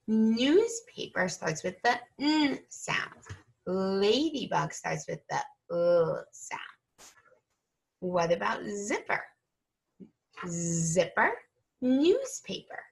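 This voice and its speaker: A woman teacher leading an early-reading lesson for young children, slow and patient, stretching out each sound. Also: medium pitch, very animated, gravelly.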